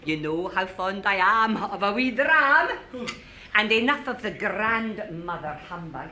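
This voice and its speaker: A woman's voice: medium pitch, expressive, a little slow, pushed and bright, distant mic. A woman playing the bossy, teasing ghost of an old grandmother, scolding and mocking her grandson in a live stage play. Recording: echoey stage, recorded from afar, faint noise.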